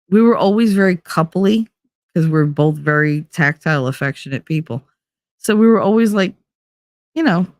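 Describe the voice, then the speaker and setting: A woman's voice: deep voice, a little mellow, no echo. A woman hosting a stream, telling personal stories in a casual, candid way, swearing freely and laughing often as she talks. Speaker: stream host. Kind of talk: casual storytelling chat.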